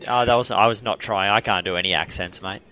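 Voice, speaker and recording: A man's voice: lowish voice, fast, pushed and bright. A man with an Australian accent, co-hosting a sports podcast and giving firm, opinionated takes with frequent ums. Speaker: podcast co-host. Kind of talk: casual sports chat.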